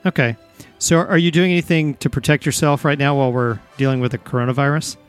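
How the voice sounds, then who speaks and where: A man hosting a casual comedy podcast, with a teasing, deadpan delivery. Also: medium pitch, fast talker, smooth, faint music behind. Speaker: podcast host.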